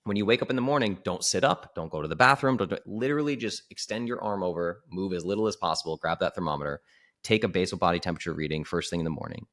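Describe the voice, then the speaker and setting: This is a man with a notably deep voice, chatting as a guest on a podcast. He coaches people on health and talks in an animated, casual way, full of "like" and sudden acted-out quotes. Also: fast.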